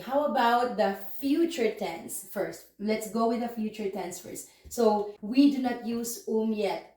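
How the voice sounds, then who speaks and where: A woman language teacher giving an online lesson, explaining patiently step by step and repeating words slowly. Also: a little high, warm tone. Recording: very echoey room.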